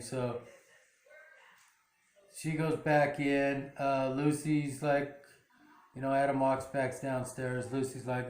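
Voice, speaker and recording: A man's voice: mid-range voice, flat delivery, takes it slowly, long pauses, darkish tone. Man recapping in an echoey room. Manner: rambling, many fillers and restarts. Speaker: channel host. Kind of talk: casual plot recap.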